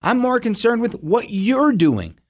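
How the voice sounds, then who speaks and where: Sarcastic, high-voiced male commentator. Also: very animated, a little slow. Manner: combative and sarcastic. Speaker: political talk show host. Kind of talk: opinionated political commentary.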